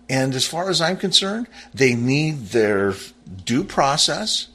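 A husky man delivering a fervent political monologue, his voice climbing sharply when he grows angry and dropping low when he goes quiet. He talks emphatically, stumbles into restarts, and keeps circling back to reread his text. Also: big pitch swings, takes it slowly. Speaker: political commentator. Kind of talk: impassioned monologue reading from a founding text.

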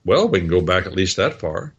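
A husky, lowish male voice gives folksy Bible teaching, wandering into stories and spelling words out loud. His pitch swings widely as he talks. The recording sounds dull and lo-fi. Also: very animated, a little fast. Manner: rambling storytelling with spelled-out words. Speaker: preacher.

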